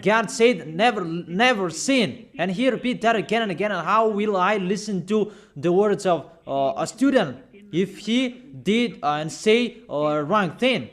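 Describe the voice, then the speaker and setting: A man with a fairly high voice delivers a stern, admonishing sermon. He hammers points home through repetition, and his English phrasing sounds non-native. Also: lively intonation, a little slow, a bit bright. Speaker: preacher.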